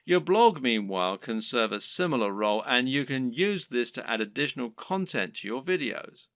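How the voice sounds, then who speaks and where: A man narrating scripted advice on running an online business, in a lively explanatory delivery. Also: mid-range voice, normal speed, no room sound, studio quality.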